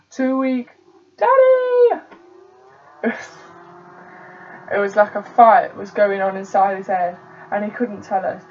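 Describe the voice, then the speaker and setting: A young woman from England, a theatre student, performing a solo dramatic monologue in a conversational storytelling way with sudden loud outbursts. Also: mid-range voice. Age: young adult. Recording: dull, distant home recording.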